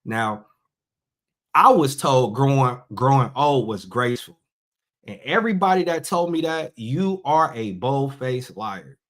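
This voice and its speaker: A man's voice: medium pitch, lively intonation, fairly bright tone. Man musing in a loose casual monologue. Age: middle-aged. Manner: conversational, drawn-out emphatic phrasing. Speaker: podcast host.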